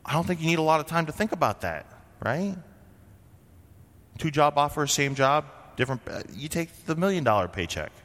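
A man's voice: a little high, very animated, a little fast, a bit bright, big-room sound. A man from Vermont preaching a sermon as a pastor, in a conversational way with frequent rhetorical questions. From Vermont, USA.

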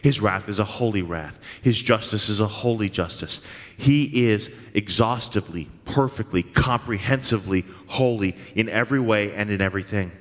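A man preaching a sermon as pastor, earnest and emphatic, stretching key words slowly. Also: lowish voice. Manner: emphatic, earnest preaching with slow drawn-out stresses. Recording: long hall reverb.

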